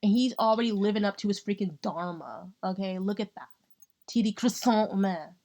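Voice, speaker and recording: A woman in casual chat, ranting and joking in a loud, profane, slangy way, with a squeaky, nasal voice and added echo on her mic. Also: brisk.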